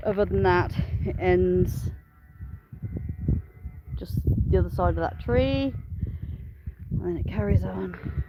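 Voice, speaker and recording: A woman's voice: on the low side, highs cut off, very noisy. A woman chatting cheerfully to the camera as she walks her farm, laughing often and talking to her animals and viewers. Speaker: smallholding farmer and vlogger. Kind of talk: chatty outdoor farm vlog. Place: outdoors on a farm.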